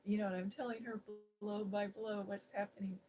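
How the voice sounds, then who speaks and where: A middle-aged woman, an ASMR host, telling a personal story in a gentle, hushed voice that drifts into whispers. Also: mid-range voice, little pitch movement, fairly quick, breathy edge, soft background music, rough recording. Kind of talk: soft-spoken storytelling.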